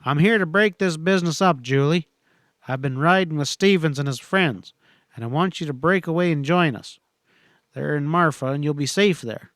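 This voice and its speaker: Man doing a gruff young cowboy, firm and urgent, bit high, dry close mic. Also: moderate pace, fairly bright tone, dry recording, lightly acted. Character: young cowboy hero, blunt and determined. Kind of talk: audiobook character voice.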